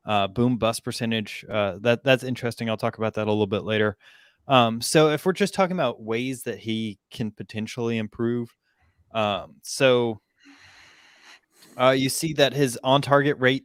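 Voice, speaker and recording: Male analyst, mid-pitch, dry close sound, talks through stats with ums. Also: dry recording. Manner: explains stats with frequent ums and self-corrections. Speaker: college football analyst. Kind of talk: casual podcast analysis.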